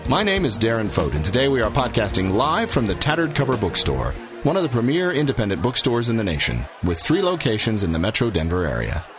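A man's voice: lowish voice, huge pitch swings, quick pace. A man hosting a podcast, reading a scripted show introduction in an announcer-like manner. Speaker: podcast host. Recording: voice over loud music. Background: music.

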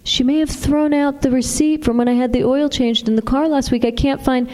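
A woman's voice: high voice, fairly even intonation, fairly quick, a little mellow, long reverb tail, pitched above the performer's own voice, close to an everyday voice. A woman doing an indignant, grumbling father. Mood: defensive. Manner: complaining, indignant. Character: stubborn pot-growing father, indignant and fussy.

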